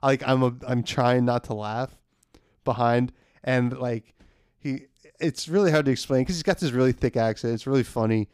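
A young man in a relaxed podcast chat, telling a story in a loose, rambling way with fillers and chuckles. His voice sits at an ordinary middle pitch. The recording is close and dry, with no room sound. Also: normal speed, clean tone, no room sound. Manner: laid-back, rambling, laughs often, many fillers. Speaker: guest telling a work story.

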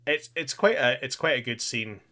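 A man's voice: medium pitch, moderate pace, bright, forceful tone. A man co-hosting a podcast, casually recapping an anime in a chatty way with frequent laughs and restarts. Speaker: podcast co-host.

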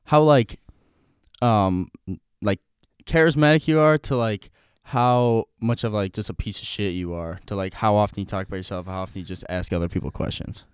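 A young man rambling through a casual podcast conversation, full of fillers and restarts. His voice sits low and resonant, recorded close and dry. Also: normal speed, clean tone, no room sound.

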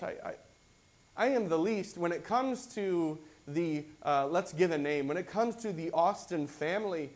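High-voiced pastor preaching casually. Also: male voice, moderate pace. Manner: conversational preaching, reads scripture then explains it; acts out quoted voices with rising excitement. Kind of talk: sermon.

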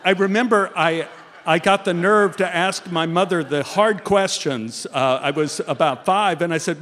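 A middle-aged man tells comic stories on a live stage, leaping into shouts and squeaks as he acts out the dialogue. His voice sits high. A long reverb from the theater hangs after each line. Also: normal speed. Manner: animated, acts out dialogue with big pitch jumps. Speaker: guest storyteller. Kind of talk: comic personal storytelling on stage.

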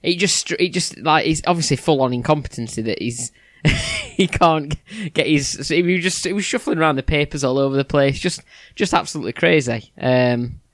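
A man's voice: a little high, normal speed, fairly bright tone, no room sound, studio quality. A man co-hosting a casual news chat, hesitant with many restarts. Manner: hesitant, lots of restarts and fillers. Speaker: podcast co-host.

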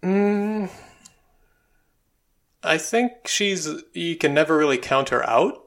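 A man's voice: on the high side, lively intonation, slow pace, fairly bright tone. A man co-hosting a podcast, giving opinionated film reviews in casual chat, with frequent ums and likes. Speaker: podcast co-host.

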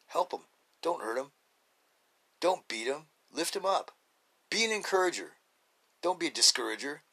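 Rambling man with a bright, forceful voice. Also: medium pitch, expressive, fast, long pauses, slightly rough. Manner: rambling, blunt, with many fillers and restarts. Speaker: podcast host. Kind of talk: casual monologue.

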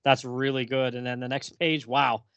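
A man's voice: medium pitch, little pitch movement, moderate pace, a bit bright, smooth, dry recording, lo-fi sound. A man co-hosting a comic book podcast, casually walking through the pages panel by panel and chuckling as he goes. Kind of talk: casual chat.

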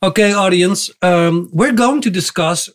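A Dutch man with a Dutch accent co-hosting a casual chat, eager and halting with fillers. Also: high-pitched. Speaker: podcast co-host.

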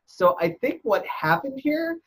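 A woman co-hosting a podcast, chatting in a relaxed, wry way. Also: high voice. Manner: relaxed, wry, quick to laugh. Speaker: podcast co-host. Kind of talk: casual chat. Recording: loud background noise.

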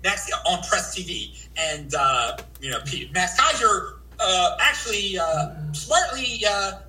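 An American man talking as a livestream guest, animated and rambling, stammering and repeating words as he goes. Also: high voice, slow, roomy sound, distant mic, low-quality recording. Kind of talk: livestream interview.

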